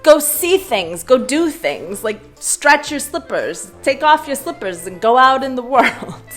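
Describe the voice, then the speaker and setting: A woman's voice: high voice, very animated, measured pace, a bit bright, faint music behind, voice pushed up, full character voice. A woman doing a pushy Brooklyn mom. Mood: urging. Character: pushy middle-aged mother urging her grown son.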